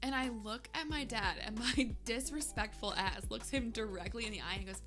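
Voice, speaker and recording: A woman's voice: on the high side, moderate pace, hardly any pauses, fairly bright tone, faint music behind. A woman streamer telling a personal story in casual chat, laughing often and using lots of filler words.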